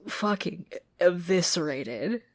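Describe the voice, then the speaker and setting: A woman co-hosting a podcast in casual chat, animated and laughing, acting out lines and sometimes dropping to a near-whisper. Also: lowish voice, slow. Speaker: podcast co-host. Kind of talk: casual chat recapping a TV show.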